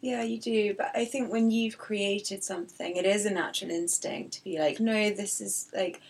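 Woman, podcast host, gravelly, husky, casual agreeing chat. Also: medium pitch, steady tone, normal speed, darkish tone.

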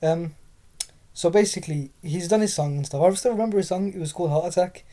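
A young woman spins a long, meandering anecdote in casual podcast chat. Her voice sits low and warm, with a relaxed, unpolished delivery packed with fillers and the odd curse. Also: fast talker. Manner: rambling, heavy fillers, swears freely. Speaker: podcast co-host.

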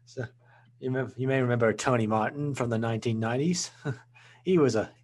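A man's voice: medium pitch, a little fast, a little mellow. Young man, rambling guest. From Australia. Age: 20s. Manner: rambling, with many restarts. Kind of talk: casual podcast interview.

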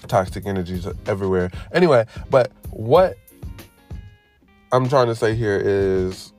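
A man hosting a casual podcast monologue, animated and preachy, firing off rhetorical questions in slangy talk and drifting into tangents. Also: on the low side, measured pace, soft background music. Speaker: podcast host.

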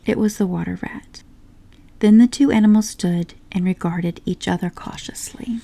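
A woman narrating a storybook in a soft, unhurried whisper. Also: mid-range voice, vocal fry, a little hiss or hum.

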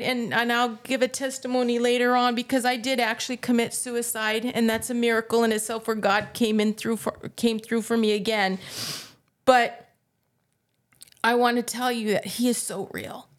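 A woman's voice: fairly high pitch, little pitch movement, moderate pace. A woman co-hosting a faith podcast, earnestly telling a personal testimony and urging listeners, with emotion coming through. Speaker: podcast co-host.

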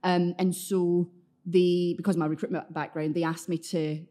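A woman in her thirties with a Glaswegian accent, chatting as a podcast guest, self-deprecating and quick to laugh. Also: lowish voice, level tone, dark tone. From Scotland, Glasgow area. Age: 30s. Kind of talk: casual interview chat.

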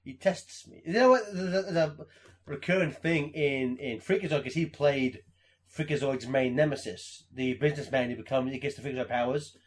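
A man co-hosting a podcast in casual chat, animated and swearing, laughing as he acts out quotes. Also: medium pitch, normal speed. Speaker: podcast co-host.

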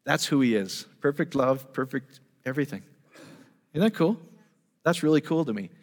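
A man's voice: mid-range voice, expressive, moderate pace. A man preaching a teaching sermon in a church hall, enthusiastic and conversational, firing off rhetorical questions to the congregation. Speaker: pastor. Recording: long reverb of a large hall.

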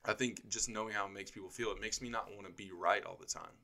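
A man co-hosting a chatty podcast, speaking in a fairly low but bright, forward voice. He talks bluntly and directly, with lively, joking energy. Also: gravelly. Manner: blunt, animated, quick to joke. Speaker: podcast co-host, pastor. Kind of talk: casual chat.

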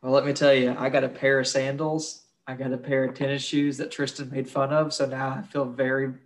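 A man's voice: medium pitch, level tone, brisk. A young man co-hosting a casual true-crime podcast, crude and swearing freely, laughing while he tells grim facts. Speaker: podcast co-host.

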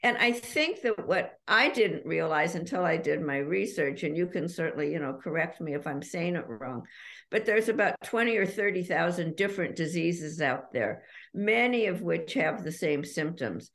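A woman with a lowish, gravelly voice speaks as an author on a podcast. She talks openly and a little self-mockingly, laughing easily as she explains. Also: expressive, normal speed, fairly bright tone. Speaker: author guest. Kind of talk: casual podcast interview.

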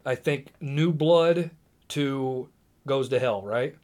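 A man from Indiana telling stories in casual chat, animated, bursting fast and restarting mid-sentence. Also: mid-range voice. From Indiana, USA.

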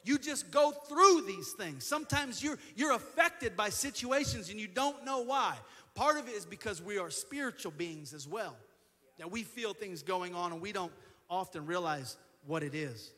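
Earnest high-voiced man preaching in a hall. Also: animated, normal speed, sharp tone. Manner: earnest, repeats phrases, stumbles on words. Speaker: assistant pastor. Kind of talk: sermon. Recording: long hall reverb.

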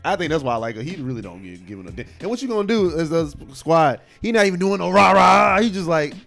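A young man co-hosting a podcast, talking casually in an animated, slangy way and laughing often. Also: a little high, fast talker, vocal fry, soft background music. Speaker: podcast co-host. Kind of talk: casual chat.

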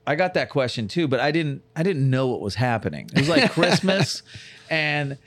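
Animated, joking comedian guest, a man. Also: on the high side, a little fast, dry recording. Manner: deadpan, crude jokes, swears. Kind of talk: casual podcast chat.

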